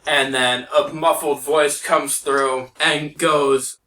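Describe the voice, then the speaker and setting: Bright-voiced man running a tabletop game. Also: a little high, fairly even intonation, slow pace. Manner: easygoing, filler-heavy narration. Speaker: game master. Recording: roomy, distant mic.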